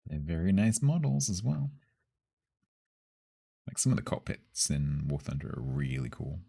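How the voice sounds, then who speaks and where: A man's voice: extremely low pitch, big pitch swings, normal speed, vocal fry, warm tone, breathy edge. A man, chatting casually on a live stream, answering chat and chuckling often.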